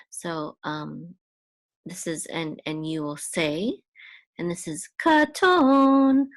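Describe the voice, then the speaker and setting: Woman, patient Hebrew teacher, very slow, short pieces, sings out words, dry close sound. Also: dry recording. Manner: patient, explains in pieces, sings out each word higher and louder. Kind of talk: slow step-by-step lesson with chanted words.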